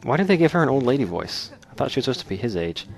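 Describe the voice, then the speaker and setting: A man's voice: medium pitch, very animated, very fast, gravelly. Joking young man rambling over gameplay. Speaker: let's play host. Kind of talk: casual gameplay commentary. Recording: voice with faint game music.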